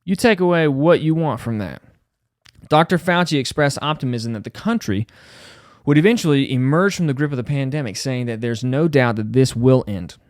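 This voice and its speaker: A man's voice: mid-range voice, normal speed, no echo, studio quality. Sarcastic man reading the news. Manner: sarcastic, mocking, deadpan. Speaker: podcast host.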